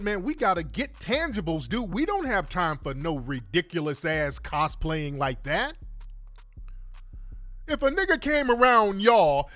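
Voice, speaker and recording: A man's voice: sits high, fairly bright tone, no room sound. A middle-aged man hosting a talk show, delivering an emphatic, profane, combative monologue full of rhetorical questions. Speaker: radio talk host.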